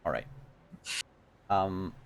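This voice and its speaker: A low-pitched man serves as game master for a tabletop game, describing scenes and calling for rolls. He talks slowly and deliberately, pausing often with ums as he works things out aloud. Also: vocal fry, lo-fi sound, a little hiss or hum. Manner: measured, thinking aloud with frequent ums.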